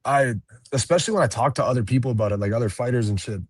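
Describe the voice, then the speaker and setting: A man's voice: mid-range voice, racing, no echo. A young man who fights professionally, chatting casually in an interview, laid-back, swearing freely and laughing often. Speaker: MMA fighter, interview guest.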